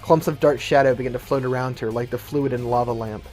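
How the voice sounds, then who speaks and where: A man narrating his own fan-written action script, brisk and matter-of-fact, at an even, middling pitch. Soft guitar music sits faintly behind him. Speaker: storyteller.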